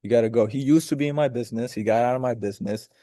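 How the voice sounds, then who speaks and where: A man's voice: mid-range voice, racing, mellow, dry recording, studio quality. A man leading a group video call, giving a casual, rambling motivational talk with profanity and direct questions to his listeners.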